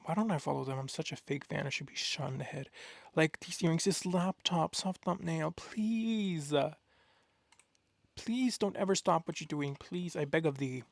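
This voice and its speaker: Young male vlogger, gravelly and a touch high, gushes and rambles. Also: normal speed, dry recording. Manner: excitable, gushing, rambling with many fillers. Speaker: art vlogger. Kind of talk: casual chat.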